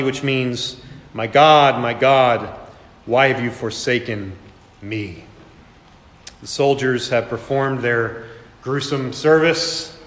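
A man's voice: fairly high pitch, fairly bright tone. Preaching man in an echoey church. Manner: earnest preaching, acts out mocking voices. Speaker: pastor. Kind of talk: sermon. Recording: echoey hall with long reverb.

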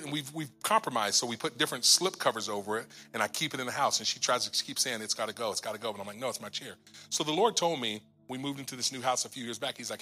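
A man in his forties tells a personal testimony to a church congregation. His voice is bright and forward, and he acts out each exchange as he tells it. His tone sinks low and quiet at the emotional turns, with soft music faintly underneath. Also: fast. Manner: storytelling, acting out his own lines and others' in the retelling. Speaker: guest minister.

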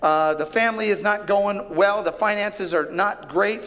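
A man preaching a sermon as pastor, speaking with animated, emphatic delivery and drawing out key phrases. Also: sits high, normal speed, few pauses, soft background music. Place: large church auditorium with a stage. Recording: long hall reverb from a large auditorium.

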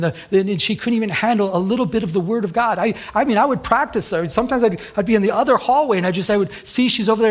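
A husky, slightly higher-pitched man preaches on the radio in an easy, conversational way. He is middle-aged and tells stories from his own life, acting out the voices of the people in them. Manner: conversational storytelling preacher, acts out quoted voices. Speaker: pastor. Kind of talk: radio sermon.

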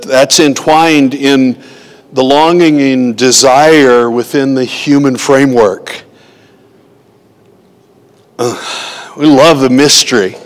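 A pastor giving an informal, conversational teaching to a small group, often asking his listeners rhetorical questions. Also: mid-range voice. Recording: long hall reverb.

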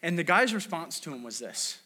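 A man's voice: a little high, very animated, fairly quick, bright, forceful tone, breathy edge. A man preaching a sermon in a conversational, storytelling way, with many restarts and acted quotes. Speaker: pastor.

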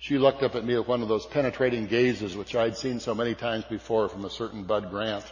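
A man's voice: lowish voice, fairly even intonation, a little fast. An older man from California telling a folksy, self-deprecating story to an audience, with frequent fillers and restarts. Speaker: speaker. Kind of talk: storytelling speech. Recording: dull sound with long hall reverb.

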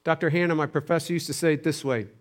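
A man preaching a sermon, building to loud emphasis with repeated phrases and dropping to hushed near-whispers. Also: on the high side, fairly even intonation, quick pace. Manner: preaches with rising intensity and repetition. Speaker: pastor.

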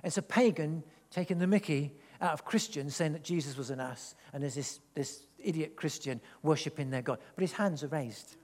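A man's voice: on the high side, normal speed, few pauses. Man preaching in an echoey hall. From England. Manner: animated, rambling, with many restarts. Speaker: pastor. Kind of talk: sermon. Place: church hall.

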